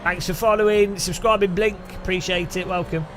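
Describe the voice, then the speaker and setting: A man's voice: sits high, fairly even intonation, fairly quick, over music. A man from England chatting casually with his live-stream audience, laughing often and greeting viewers by name. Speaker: game streamer.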